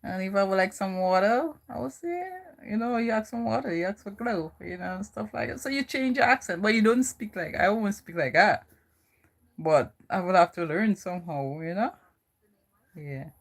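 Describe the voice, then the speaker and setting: A young woman vlogger from the Virgin Islands chats casually in her Virgin Islands accent, rambling and dropping plenty of "you know". Her voice sits at a medium pitch, lively and animated, moving at a normal speed.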